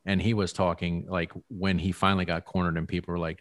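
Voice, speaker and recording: A man co-hosting a debate podcast, earnestly retelling testimony in a measured way. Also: sits low, level tone, no room sound. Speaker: podcast co-host. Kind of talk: casual debate chat.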